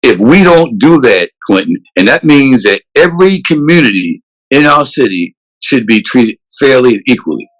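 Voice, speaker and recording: Earnest police chief. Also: male voice, medium pitch, big pitch swings, moderate pace, rough recording. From South Carolina, USA. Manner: earnest and emphatic, with frequent restarts. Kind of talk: interview answers.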